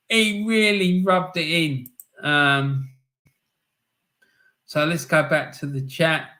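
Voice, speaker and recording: Slow, chatty bloke hosting a stream. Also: male voice, a little high, fairly even intonation, bright, forceful tone. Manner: chatty, laughs often, lots of ums and "mate". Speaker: live-stream host. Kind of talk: casual live-stream chat reading comments.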